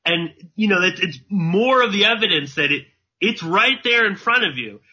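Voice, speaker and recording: A man hosting a show, his voice very bright and edged with husk. He stammers a little as he begins, then agrees readily, and the audio is dull and lo-fi. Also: high voice, lively intonation, moderate pace, slightly rough. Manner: affirming, slightly stammering. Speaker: podcast host. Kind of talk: conversational interview.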